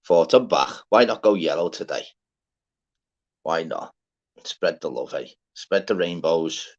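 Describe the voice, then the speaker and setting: A man hosting a live stream, giving rambling, swear-filled shout-outs to listeners in a casual chat. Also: sits low, lively intonation, unhurried. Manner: chatty, swears freely, rambling. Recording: dull lo-fi sound.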